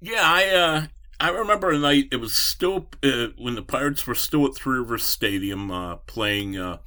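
A man's voice: medium pitch, lively intonation, normal speed, sharp tone. A middle-aged man, a baseball reporter, telling long rambling anecdotes in an interview, with many restarts and fillers. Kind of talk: storytelling in a podcast interview.

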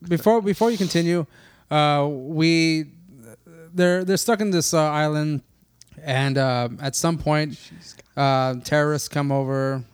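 A man with a somewhat high, smooth, resonant voice summarizes a movie in casual chat. He stumbles and restarts his sentences as he goes. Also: unhurried, no echo, clean studio sound.

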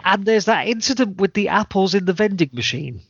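A man recaps an episode in a semi-deadpan, dry-witted way, his pitch bouncing around freely. His voice sits a touch high for a man. The sound is dry and close, with a dull, lo-fi tone. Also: a little fast, breathy edge, no room sound. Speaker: podcast host.

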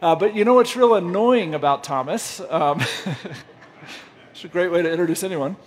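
A man's voice: high-pitched, normal speed, in a large hall. A man preaching a humorous, self-deprecating storytelling sermon, laughing often as he goes. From United States. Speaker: pastor.

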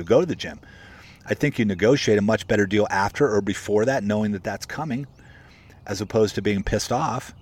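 Here the same kind of talk comes in a fairly low-pitched male voice: casual motivation for his viewers and coaching for real estate agents. He stays emphatic and conversational, repeating himself, saying "guys" constantly, and greeting viewers by name mid-talk.

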